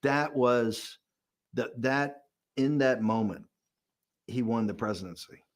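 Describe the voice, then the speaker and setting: A man gives an interview, recounting a behind-the-scenes episode. He talks in an animated, storytelling way, often restarting his sentences and repeating words as he goes. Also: medium pitch. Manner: rapid, animated storyteller, acting out quotes and chuckling. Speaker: interviewee, political strategist.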